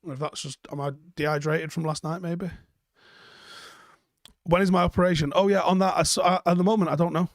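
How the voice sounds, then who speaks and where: A man's voice: a little high, fairly even intonation, brisk, dry recording, clean studio sound. Blunt, sweary man. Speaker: live stream host. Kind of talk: casual live chat reading viewer comments.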